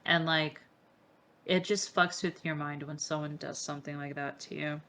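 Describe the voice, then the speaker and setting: Low-pitched young woman telling her story in an interview, swears a lot, says like constantly, english isnt her first language. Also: fairly even intonation, normal speed, a bit bright. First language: not English. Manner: emotional, profane, heavy filler use. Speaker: interview guest. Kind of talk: candid interview conversation.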